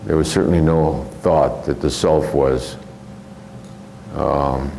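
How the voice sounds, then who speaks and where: A man's voice: rumbling low, fairly even intonation, slow, creaky, dark tone, slight background noise, poor audio. An older man from the American Midwest giving a rambling, reflective spiritual lecture and often chuckling as he tells stories. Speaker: spiritual teacher.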